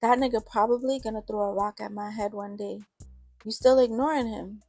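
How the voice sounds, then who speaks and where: A woman voicing a brash, sassy teenage girl best friend who ribs loudly in slang. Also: mid-range voice, steady tone, fairly quick, no room sound, faint music behind, natural voice. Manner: brash, loud slangy ribbing.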